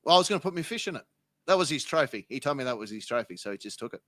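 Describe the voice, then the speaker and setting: A man with an Australian accent, a podcast guest who swears freely while telling deadpan tall tales in casual chat. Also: medium pitch, racing, dry recording. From South Melbourne, Australia. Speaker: interview guest.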